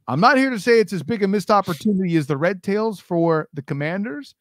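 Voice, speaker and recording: Podcast host, man, high voice, dry close mic, opinionated and animated. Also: a little fast, no room sound. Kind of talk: casual podcast banter.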